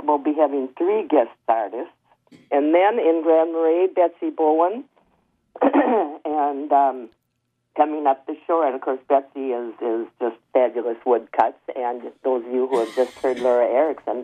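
A man, a potter, calling in to a radio show by telephone, chatting casually with a groggy morning voice and many ums. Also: medium pitch. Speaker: potter, phone-in guest. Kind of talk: casual radio phone interview. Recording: tinny phone line on radio.

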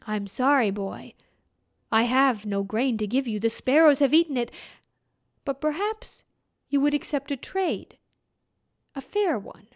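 A woman voicing the wild spring wind as a grand male spirit who speaks slowly and deliberately. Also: high voice, lively intonation. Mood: apologetic.

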